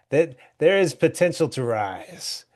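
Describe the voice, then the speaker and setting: A man co-hosting a casual comedy podcast, telling loose, rambling anecdotes that often trail off into low mutters. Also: darkish tone. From Hawaii. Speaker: podcast co-host.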